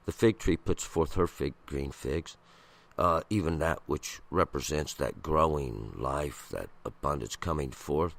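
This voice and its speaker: A man with a very deep, gravelly voice reads scripture and then explains it. His delivery is slow and halting, with frequent pauses and restarts. The voice sounds husky rather than clear. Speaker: Bible commentator. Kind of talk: scripture reading with commentary.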